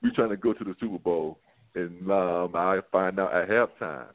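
Over a thin, tinny phone line, a man with a deep voice tells a rambling, animated anecdote at a moderate pace, full of restarts and constant "like." He sounds like an ex-player trading stories as a guest on a sports show.

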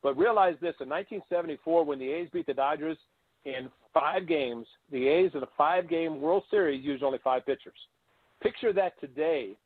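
A man's voice: a little high, moderate pace, husky, no echo. An older man, a former ballplayer and guest on an interview show, telling long anecdotes and acting out the people he quotes. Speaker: guest, former baseball catcher. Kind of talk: storytelling interview. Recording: tinny phone-like line.

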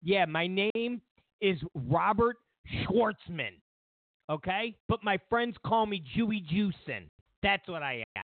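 A man's voice: high-pitched, expressive, slow pace, no room sound. Male show host, incredulous and stammering, dry phone-quality sound. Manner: sarcastic, incredulous, stammering restarts. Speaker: political commentary show host. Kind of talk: ranting talk-show commentary.

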